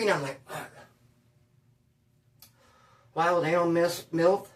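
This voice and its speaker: With a high voice and an unhurried pace, the California man who was in prison recounts stories casually, full of slang and swearing. The sound is echoey and distant.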